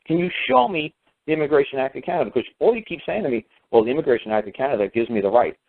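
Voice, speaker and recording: A man with a mid-range voice, lively intonation and some vocal fry hosts a radio show, bluntly ranting about a run-in with officials. He talks fast, swears casually, scoffs, and acts out both sides of the argument by mimicking the officials in quoted exchanges. The dry audio sounds like it's coming over a phone line.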